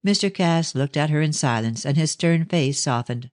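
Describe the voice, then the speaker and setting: A man narrating an audiobook in an even, unhurried storytelling manner. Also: a little high, no echo, studio quality. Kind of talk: scripted narration.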